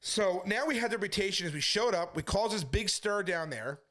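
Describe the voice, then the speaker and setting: A man who is a street preacher, briskly telling a story to his viewers and quoting the back-and-forth as he goes. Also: sits high, animated, pushed and bright. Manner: brisk retelling full of quoted back-and-forth. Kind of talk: casual storytelling monologue.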